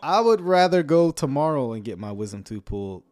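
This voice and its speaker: A man giving casual livestream commentary on a sermon, sarcastic and rambling, often chuckling and filling pauses with "um.". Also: medium pitch, big pitch swings, darkish tone. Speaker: online commentator reacting to a sermon.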